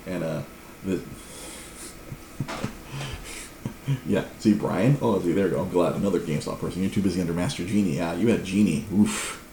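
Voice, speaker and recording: Gravelly man spinning a rambling story. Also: sits low, normal speed, pauses often, roomy sound, a little hiss or hum. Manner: rambling, frequent restarts, laughs, lively. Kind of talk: casual storytelling to a live chat.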